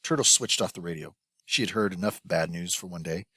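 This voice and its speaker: Low-voiced man narrating a novel. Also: brisk, pushed and bright, husky, no room sound. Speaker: audiobook narrator. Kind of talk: scripted narration.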